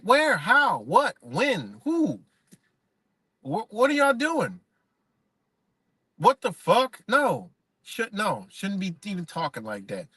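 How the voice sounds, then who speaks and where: Heated high-voiced man ranting. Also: bright, forceful tone, slightly rough, no echo. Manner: heated, profane, repetitive, rhetorical questions. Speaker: livestreamer. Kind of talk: unscripted live-stream rant.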